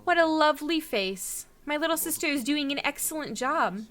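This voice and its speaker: A woman reading the part of a sadistic young man who taunts his captive as her fake big brother, in a slow, mocking drawl. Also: sits high, animated, fairly bright tone, pitched above the performer's own voice. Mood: taunting.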